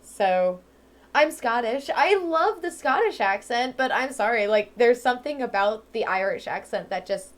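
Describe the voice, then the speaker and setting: A woman's voice: a little high, expressive, moderate pace. A young woman from Ohio, chatting casually and rambling while she plays a game. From Ohio, USA. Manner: chatty, rambling, lots of "um" and "like", laughs easily. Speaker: let's-play host. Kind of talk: casual chat over gameplay.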